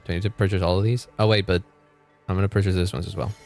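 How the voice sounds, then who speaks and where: A young man streams a game from home with a low, a little mellow voice, talking very fast in a fairly even tone. He chats casually, swears freely and laughs often, with faint music playing behind him.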